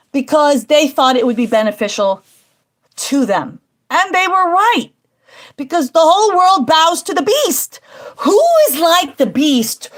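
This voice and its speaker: A woman hosting a livestream from home, talking in an emphatic, repetitive, preaching way. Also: high voice. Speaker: livestream host. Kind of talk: casual livestream monologue. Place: at home indoors.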